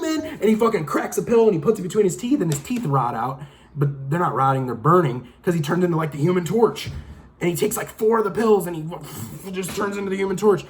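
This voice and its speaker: A young man giving a casual, profane, rambling movie review, exasperated and acting out lines from the film. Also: high voice. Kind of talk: casual rant-style review.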